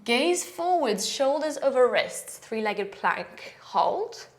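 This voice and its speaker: Female yoga teacher, young adult, slow deliberate cueing, warm encouragement, counts holds out loud. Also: sits high. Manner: calm, encouraging cues, counting holds aloud. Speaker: yoga instructor. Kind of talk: guided yoga class cueing.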